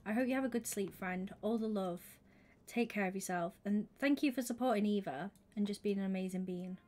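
A young woman livestreams a game, chatting casually with viewers and thinking aloud, frequently dropping into a whisper. Her voice is mid-range and fairly quick.

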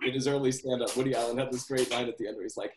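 A man's voice: mid-range voice, fairly even intonation, very fast, slight background noise. A male screenwriter answering interview questions on a video call, rambling and correcting himself as he goes, laughing often. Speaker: screenwriter guest. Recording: roomy echo.

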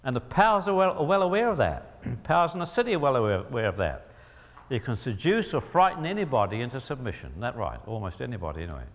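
A man giving an emphatic Christian teaching talk, often clearing his throat and putting rhetorical questions to his audience. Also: mid-range voice, big pitch swings, fast talker. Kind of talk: lecture-style teaching talk. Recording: long hall reverb.

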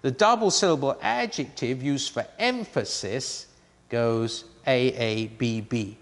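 A man teaching a grammar lesson, explaining slowly and deliberately and reading out example sentences. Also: mid-range voice, big-room sound. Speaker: Chinese language teacher.

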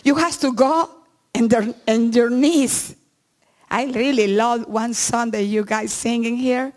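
A middle-aged woman pastor, not a native English speaker, preaching a sermon in earnest, halting English with frequent restarts. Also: fairly high pitch, fairly even intonation.

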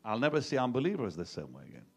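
A man in his sixties preaching a sermon, telling a personal story in a conversational way, with loud jokes that drop to hushed, quiet moments. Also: medium pitch, huge pitch swings, racing, creaky, husky. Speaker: pastor.

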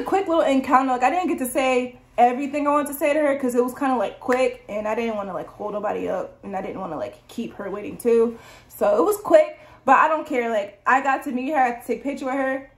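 A young woman vlogger chatting through a storytime in a casual, excited way, full of "like". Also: on the high side, a little fast, faint music behind. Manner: chatty, lots of "like", excited retelling.

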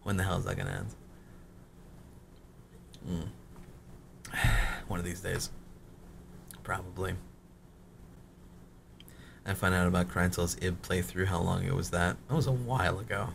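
Deep-voiced man with a cracking voice. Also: steady tone, measured pace, vocal fry, long pauses, fairly bright tone, slight background noise. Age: late 20s. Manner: rambling, swears a lot, self-mocking. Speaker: gaming video creator. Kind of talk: casual commentary on his old videos.

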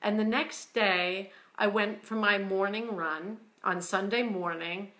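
A woman from the United States telling a personal story slowly and earnestly, getting emotional at times. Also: mid-range voice, fairly even intonation. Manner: slow, earnest storytelling, quiet and hushed when quoting God. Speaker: author. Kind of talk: personal testimony.

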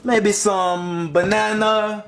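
A man voicing a melodramatic, whiny monster king in a comedy puppet video, sobbing and shouting in despair. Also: high voice, steady tone, drawn-out words, reverberant, background noise. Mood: musing. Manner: melodramatic, over-the-top despair. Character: whiny crybaby monster king, obsessed with a kids' show.

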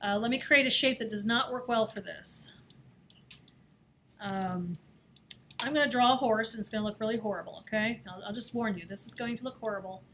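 A woman teaching a screen-recorded design software lesson, talking in a chatty, playful way and laughing at herself as she works. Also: on the high side, fairly quick, slight background noise. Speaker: design instructor. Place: office or classroom.

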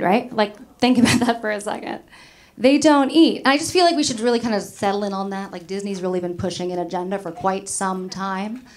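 A middle-aged woman from New York doing a stand-up comedy set, chatty and self-mocking, laughing at her own jokes. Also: on the high side. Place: comedy club stage with live audience.

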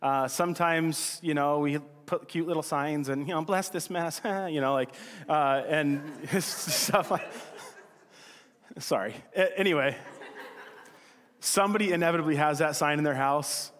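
A man delivers a sermon in a loose, conversational way, joking with the congregation and acting out quick exchanges. His voice sits a little high for a man. The sound carries the long reverb of a church hall. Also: fairly bright tone. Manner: casual, joking and chatty, with quick acted-out asides. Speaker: pastor.

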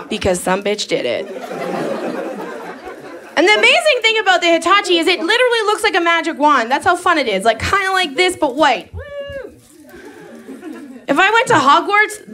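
A young woman doing a bawdy stand-up set on a club stage, slipping into quick acted-out voices. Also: sits high. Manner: brash, bawdy, acts out quick impressions. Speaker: stand-up comedian. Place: comedy club stage before a live audience. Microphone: handheld stage mic. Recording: live club recording with loud audience laughter. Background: crowd laughing.

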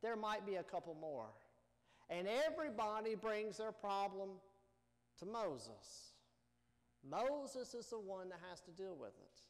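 A pastor giving a Sunday sermon in a measured, emphatic preaching manner full of rhetorical questions. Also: male voice, high voice, very animated. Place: church sanctuary. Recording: long church reverb.

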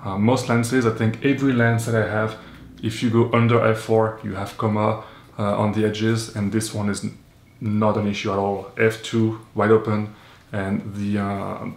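Low-voiced man chatting about his gear. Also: little pitch movement, normal speed, echoey room. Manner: enthusiastic, many fillers and repeats. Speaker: astrophotography vlogger. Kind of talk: casual vlog narration.

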